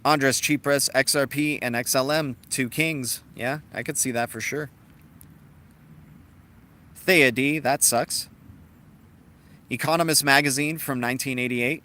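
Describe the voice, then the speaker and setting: Chatty male crypto streamer, bright voice. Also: medium pitch, fairly even intonation, measured pace, long pauses. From Cuban heritage. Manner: chatty, reads out viewer chat and answers it. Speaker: crypto livestream host. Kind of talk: casual live-stream commentary.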